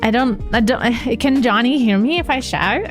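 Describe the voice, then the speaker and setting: A woman's voice: a little high, normal speed, faint music behind. A woman streamer chatting with her viewers on a live stream, bubbly and greeting each by name.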